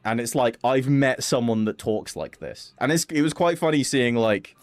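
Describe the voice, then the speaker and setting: A man's voice: normal speed, no echo. A young man chatting casually and swearing freely while streaming a game. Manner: chatty, swears casually, animated jumps in pitch. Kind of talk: casual gaming stream chat.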